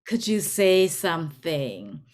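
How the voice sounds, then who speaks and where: A woman's voice: on the low side, very animated, slow pace, darkish tone. A woman voicing an eager, friendly alien who is thrilled to meet humans. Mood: excited. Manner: eager, wide-eyed exclamations.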